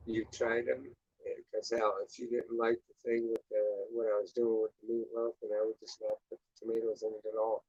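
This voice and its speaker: A man's voice: lowish voice, monotone, fairly quick, few pauses, darkish tone, breathy edge, no room sound. A man hosting a show in casual chat, chatty and crude, swearing freely. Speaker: host. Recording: dull lo-fi dry recording.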